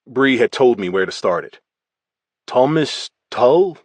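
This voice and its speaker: A man narrating a first-person thriller audiobook in a measured, even way. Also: on the low side, no room sound.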